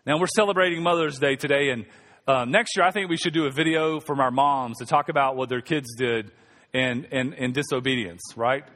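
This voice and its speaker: A man's voice: mid-range voice, brisk, fairly bright tone, long reverb tail. A male pastor preaching a sermon in a conversational, humorous way, calling on the congregation to respond. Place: church sanctuary.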